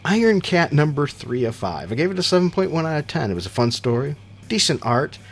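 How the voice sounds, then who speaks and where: A man's voice: a little high, sing-song, brisk, a little hiss or hum. A middle-aged man giving a casual, opinionated comic book review in a rambling way, with frequent asides that it's just his opinion.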